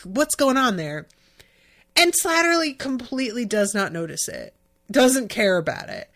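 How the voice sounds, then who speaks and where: A woman's voice: fairly high pitch, fairly bright tone. A young woman hosts a casual podcast recap. She talks in a loose, rambling way, full of fillers and restarts. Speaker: podcast host.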